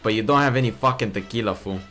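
A man's voice: fairly low pitch, fast, a bit bright, faint music behind, lightly acted. A man voicing Jose, a brash man in a game roleplay who calls everyone fool. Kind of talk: GTA-style game roleplay.

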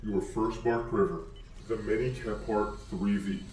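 A man's voice: lowish voice, steady tone, measured pace, darkish tone, roomy sound, recorded from a distance, voice pushed down, lightly acted. A man playing a prodding skeptical questioner.

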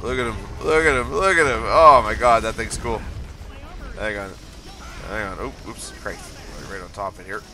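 A man streaming live gameplay, excitable, laughing often and trash-talking the enemies on screen. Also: medium pitch, a little fast, a little hiss or hum. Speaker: game streamer.

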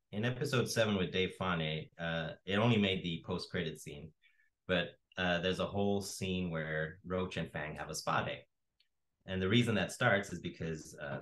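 A man with a very low voice hosts a baking class. He chats casually and turns into an animated storyteller when recounting set anecdotes. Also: rough recording. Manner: animated storyteller, acts out quotes.

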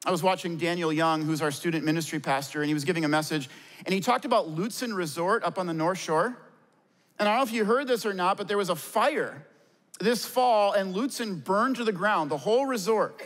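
High-pitched guy preaching, earnest, asks then answers himself, big echoey church hall. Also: a little fast, fairly bright tone. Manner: earnest, asks and answers his own questions. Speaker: pastor. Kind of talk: sermon. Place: church stage before a congregation. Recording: long hall reverb.

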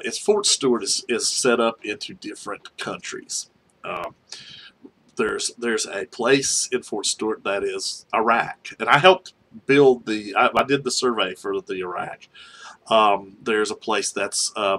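Middle-aged man from North Carolina, husky tone, rambling anecdotal storyteller. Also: fairly low pitch, bright, forceful tone. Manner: rambling, many restarts, chuckles through stories. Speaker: archaeologist telling field stories. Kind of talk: casual spoken memoir storytelling.

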